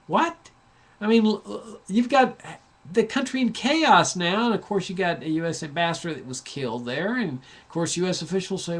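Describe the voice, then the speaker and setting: Male host with a raised pitch, delivering a fired-up, mocking political monologue. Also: lively intonation, moderate pace. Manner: impassioned, sarcastic, full of restarts. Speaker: talk show host.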